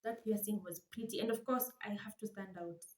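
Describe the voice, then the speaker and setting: A young Kenyan woman telling a dramatic, animated storytime for her vlog, switching languages with laughing asides. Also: mid-range voice, fairly quick, roomy sound. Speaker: vlogger.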